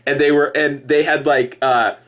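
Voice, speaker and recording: A middle-aged man ranting casually to camera about his past, animated and sarcastic, with laughing asides. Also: on the high side, normal speed. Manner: animated, laughing asides, mock-cheerful impressions. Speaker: ex-member giving opinions.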